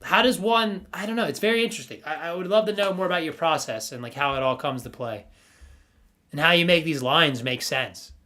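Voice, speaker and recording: Young male streamer, slightly high voice, rambling and playful, stammers a lot. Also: brisk, sharp tone. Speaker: livestream host reviewing NFT art. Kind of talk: casual livestream chat.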